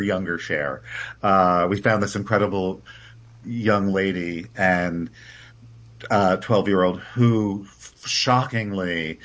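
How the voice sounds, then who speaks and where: A man's voice: deep voice, a bit bright. A man, a theater director, answering interview questions in a chatty way, laughing often and restarting his sentences.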